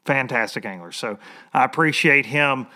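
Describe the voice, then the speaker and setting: Folksy, easygoing middle-aged host. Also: male voice, medium pitch, moderate pace, pushed and bright. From Tennessee. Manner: folksy, easygoing, laughs often. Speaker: podcast host. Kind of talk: casual interview chat.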